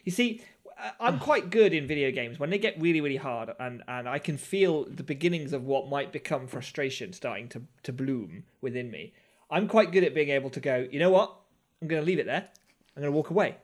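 A man's voice: fairly high pitch, lively intonation, fairly quick. A man co-hosting a podcast, chatting in a rambling, self-deprecating way with fillers. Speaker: podcast co-host. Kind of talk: casual chat.

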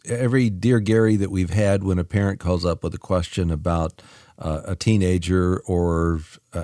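Male talk show co-host, low and calm, thoughtful delivery, dry close mic. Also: no echo.

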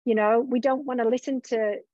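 Woman coach guest, candid and reflective, slightly high voice, dry lo-fi recording. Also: steady tone, a little fast, darkish tone, no echo. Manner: reflective, open, quotes her own thoughts. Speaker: business coach. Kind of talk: candid conversational interview.

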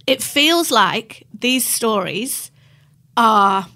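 A woman's voice: on the high side, animated, drawn-out words, pushed and bright. A woman co-hosting a casual podcast, speaking with emphatic, impassioned conviction. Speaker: podcast co-host.

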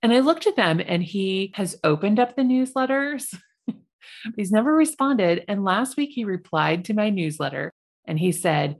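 A woman hosting a solo podcast, telling stories in a chatty, animated way with laughs. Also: medium pitch, unhurried. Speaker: podcast host.

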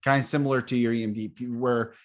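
A podcast host speaks fervently in an emotional spiritual conversation, repeating himself for emphasis. His voice is medium-pitched and steady in tone, and he talks fast.

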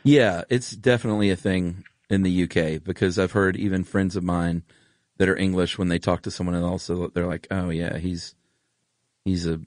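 A man with a very low voice, telling stories in a relaxed, enthusiastic way while co-hosting a podcast. His voice sounds dry and close to the mic. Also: brisk, dry recording. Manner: relaxed storyteller, laid-back and enthusiastic. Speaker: podcast co-host. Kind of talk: casual chat.

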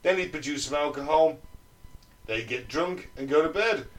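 A man's voice: a little high, moderate pace, distant mic, rough recording. Man telling a grim story. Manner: sweary, jokey, laughs mid-story. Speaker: podcast co-host. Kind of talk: casual storytelling to friends.

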